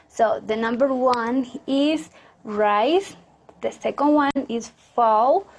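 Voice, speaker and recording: A woman student presenting on intonation in class, carefully repeating her example sentences. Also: fairly high pitch.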